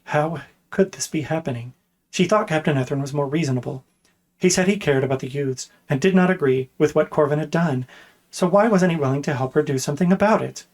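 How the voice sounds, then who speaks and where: Brief: male storyteller, fairly high voice, steady read-aloud with small self-corrections. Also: a little fast. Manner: steady reading with occasional slips and self-corrections. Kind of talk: reading a fantasy story aloud.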